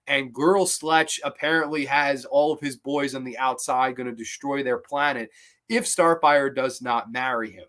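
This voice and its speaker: A young man hosting a casual review show, talking in a rambling, animated way with many restarts and sudden jumps in emphasis. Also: medium pitch. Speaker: host of a cartoon review show. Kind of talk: casual spoken episode review.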